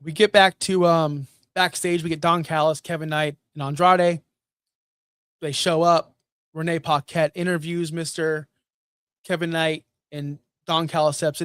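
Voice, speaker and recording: Man, fairly high voice, ranting recap streamer, dry close sound, keeps repeating his points. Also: moderate pace, clean tone, dry recording. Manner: animated, repeats points, asks rhetorical questions. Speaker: wrestling show recap host. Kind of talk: casual ranting commentary on a live stream.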